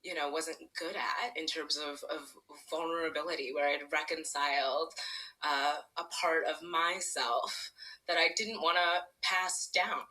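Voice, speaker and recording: A woman's voice: low-pitched, fairly even intonation, unhurried, pushed and bright, rough recording. A woman in her thirties telling a personal story on stage, chatty and self-deprecating, laughing often and filling with "like". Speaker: storyteller, parent and educator.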